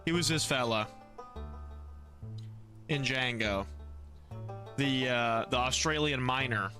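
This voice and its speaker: A man's voice: mid-range voice, takes it slowly. A young man streaming a game, chatting casually with his viewers, answering chat and often trailing off mid-sentence. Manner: animated, reads out and answers chat, trails off and restarts. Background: music.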